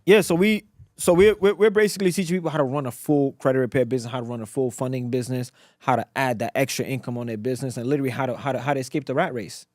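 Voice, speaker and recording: A man from Africa, a guest entrepreneur in a casual podcast interview, telling stories in a slangy, animated way with lots of repetition. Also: medium pitch, rapid-fire, no echo, clean studio sound.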